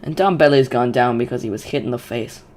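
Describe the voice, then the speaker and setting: A man hosting a live football watch-along, chatty and excitable, often restarting his sentences. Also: mid-range voice, brisk.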